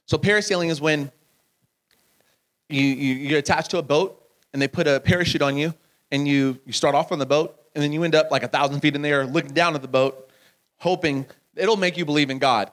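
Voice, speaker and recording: A man speaking at a camp, telling a joking story in a sermon and bantering with the audience, calling people up to help. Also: fairly high pitch. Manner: animated, joking, calls people up on stage. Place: camp gathering, live audience. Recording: clear music playing behind the voice.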